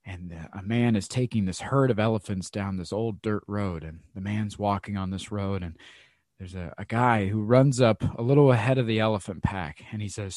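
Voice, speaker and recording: A man's voice: fairly low pitch, normal speed, darkish tone, no room sound, clean studio sound. A podcast host telling a story in a casual monologue, acting out quotes with lots of fillers and restarts, often laughing as he talks. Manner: laughs often while talking.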